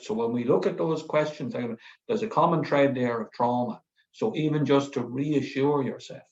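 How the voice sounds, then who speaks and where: An Irish man speaks on a webinar panel, halting and restarting as he goes. He acts out remembered conversations in short bursts. The sound is roomy and a little muffled, like an echoey video call. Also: medium pitch, darkish tone. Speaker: panellist, manager. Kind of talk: personal sharing on a webinar.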